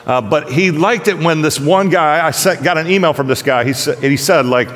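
A man preaching a casual, humorous sermon, telling stories in a loose, animated way. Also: fairly high pitch, fairly quick. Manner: conversational, joking, animated storytelling. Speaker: pastor. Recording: long hall reverb.

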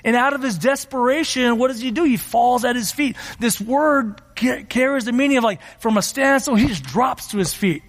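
A man preaching a sermon as pastor, earnest, slowing down for emphasis and acting out quotes. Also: very high voice. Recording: reverberant hall.

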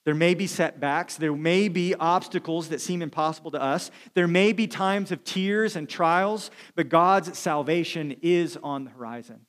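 A man preaching with a fairly high voice. He delivers the sermon earnestly, easing down to a slow, hushed tone when he wants a line to land. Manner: earnest preaching, slows and drops quiet for emphasis. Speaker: pastor.

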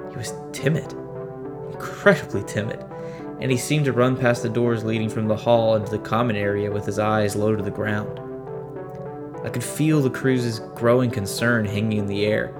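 A man narrating a first-person story in a steady, measured way. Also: on the low side. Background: faint music.

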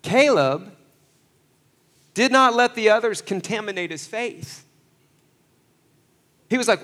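A man's voice: sits high, lively intonation, slow, long pauses. Dramatic preacher man. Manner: dramatic swings from loud preaching to hushed asides; acts out quoted voices with folksy phrasing. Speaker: pastor. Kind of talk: sermon.

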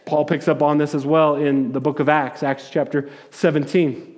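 A man's voice: on the high side, flat delivery, moderate pace, a little mellow. A man preaching a sermon in a conversational, storytelling way, often restarting his words. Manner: storytelling, acting out voices in quotes. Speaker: pastor.

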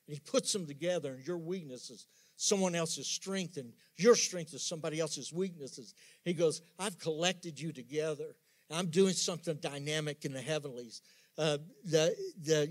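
A man delivering a sermon from the pulpit, his voice pitched a little above the usual. He preaches with emphasis, climbing into loud bursts and then falling back to soft, almost hushed asides. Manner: emphatic preaching with sudden soft drops and rising outbursts. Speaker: pastor.

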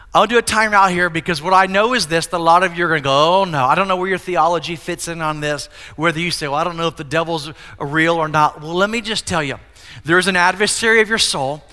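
A man's voice: high-pitched, sharp tone. A middle-aged man preaching a candid, earnest sermon as pastor of his church, building to emphatic peaks. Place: church sanctuary. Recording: long hall reverb.

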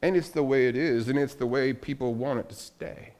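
A man voicing a stubborn Southern male governor with an Alabama accent, speaking low and quiet in an insistent drawl. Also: fairly quick, natural voice. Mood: defiant.

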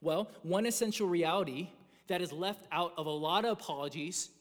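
A man in his thirties preaching a sermon as a pastor, earnest and animated, often restarting his phrases. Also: sits high, normal speed. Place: church sanctuary. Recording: long reverb of a church hall.

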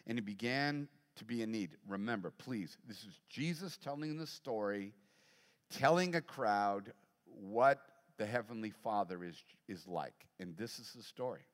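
Animated man preaching in a reverberant hall. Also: fairly low pitch, unhurried. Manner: animated storyteller, acts out voices, laughs often. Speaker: pastor. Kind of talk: sermon with personal story. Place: large church hall.

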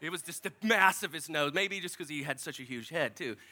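A man preaching a personal testimony in a small church, telling his story with feeling and dropping to a hush for remembered prayers. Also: a little high, animated, a little fast. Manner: emotional storytelling, drops to near-whispers for inner prayers. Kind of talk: sermon testimony. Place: small church in a strip mall.

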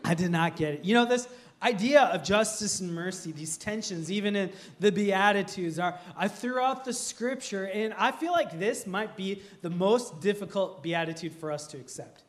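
A young pastor from Minnesota, USA, preaches a storytelling sermon, laughing his way through humorous stories. His voice sits high with lively intonation at a normal speed.

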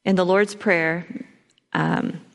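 A woman's voice: on the low side, steady tone, takes it slowly. A woman giving a church sermon, reading scripture aloud and then explaining it in plain everyday words with frequent ums. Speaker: lay speaker.

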